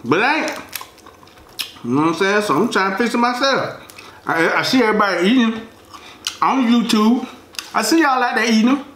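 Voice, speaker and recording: Man, relaxed slangy mukbang chatter, talks while chewing, roomy echoey room at home. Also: high voice, normal speed, pauses often. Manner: laid-back, chatty, slangy, talks between bites. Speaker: food vlogger. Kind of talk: casual mukbang chat while eating. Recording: roomy echo.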